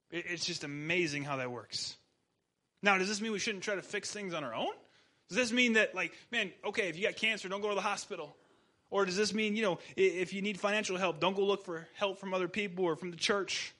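A man preaching a sermon in a casual, animated storytelling manner as pastor. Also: high voice, a little fast.

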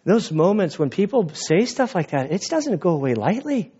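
A man's voice: high voice, sing-song, moderate pace, warm tone, slightly rough, highs cut off. Man preaching a conversational sermon. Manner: conversational storytelling, emotional at times. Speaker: pastor. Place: outdoor church gathering.

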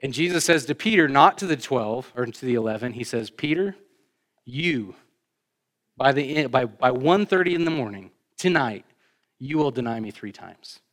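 At a moderate pace, an animated male pastor preaches emphatically and conversationally, making casual asides to the congregation. His middle-pitched voice shoots up for key points and falls quietly afterward.

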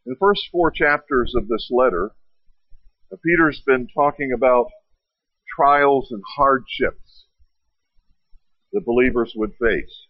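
A man's voice: mid-range voice, slightly rough, dry recording. A man preaching a sermon, retelling stories with rhetorical questions and acted-out quotes. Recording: dry, dull lo-fi sound.

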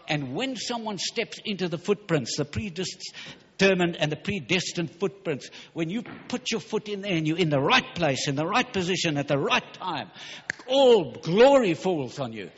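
A man preaching a fervent sermon, emphatic and hurried, stumbling over words at times. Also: high voice, fairly bright tone. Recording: dull recording in a large hall.

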